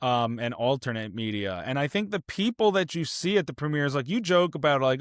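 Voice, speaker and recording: A man with a smooth, resonant voice holds forth on a film podcast, earnest and opinionated, stumbling through fillers and restarts. He sits close to the mic in a dry, dead-sounding room. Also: on the high side, sing-song, a little fast, few pauses, no room sound. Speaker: podcast co-host. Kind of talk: casual film podcast chat.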